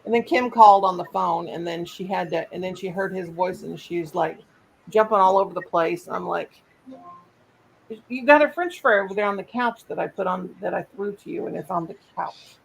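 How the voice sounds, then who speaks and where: A woman's voice: fairly low pitch, moderate pace, creaky, slight background noise, poor audio. A woman hosting a casual live stream, rambling and trailing off mid-sentence.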